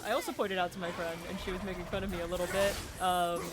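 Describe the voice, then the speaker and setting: A streamer chatting casually during a game stream, excitable and chatty, laughing often. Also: mid-range voice, fast talker.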